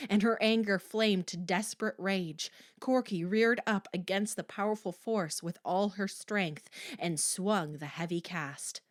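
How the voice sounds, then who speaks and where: A woman reading a horror novel aloud as an audiobook, in a slow, deliberate manner. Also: medium pitch, no room sound, clean studio sound. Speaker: audiobook reader. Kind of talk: audiobook narration.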